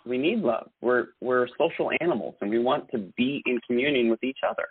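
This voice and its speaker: A man talking earnestly and a bit ramblingly, full of "you know" and restarts, at a middle pitch. The sound is thin and phone-like, very dry with no room around it. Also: a little fast, breathy edge, no room sound. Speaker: guest host. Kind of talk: casual podcast chat. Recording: tinny phone-like line.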